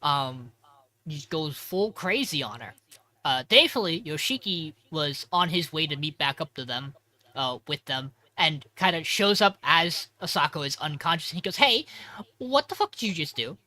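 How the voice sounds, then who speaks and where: Podcast guy recapping a show, bright sharp voice, swears a lot, keeps correcting himself. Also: fairly high pitch, lively intonation, normal speed, no room sound. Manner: rambling, profane, self-correcting. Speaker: podcast co-host. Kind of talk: casual episode recap.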